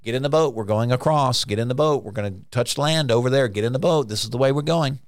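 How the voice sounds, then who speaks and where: A man preaching a conversational sermon, now and then acting out frantic voices in sudden high bursts. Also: quick pace, no room sound, clean studio sound.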